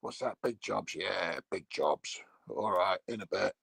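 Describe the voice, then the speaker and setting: A man's voice: sits low, unhurried, creaky, a bit bright, slightly rough, dry recording. A man rambling crudely through a casual vlog monologue and laughing at his own jokes. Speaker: vlogger.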